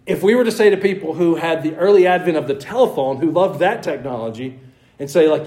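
A man's voice: fairly high pitch, lively intonation, a little fast, a little mellow, low-quality recording. Man preaching to his congregation. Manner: conversational preaching, asks the congregation questions; mock voices and wry asides. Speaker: pastor. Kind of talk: sermon. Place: church sanctuary.

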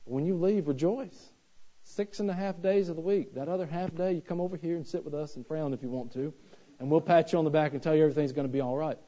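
Pastor in his thirties, raised pitch and warm, relaxed tone, casual and humorous from the pulpit, muffled church recording. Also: quick pace. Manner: folksy, conversational preaching with humor. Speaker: preacher. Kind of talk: sermon. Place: church sanctuary.

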